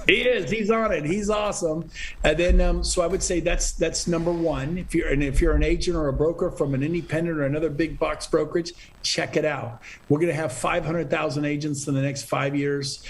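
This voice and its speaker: Middle-aged man, podcast guest, energetic and pushy, slightly high-pitched. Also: brisk, slight background noise. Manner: energetic, urgent, motivational. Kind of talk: animated interview talk.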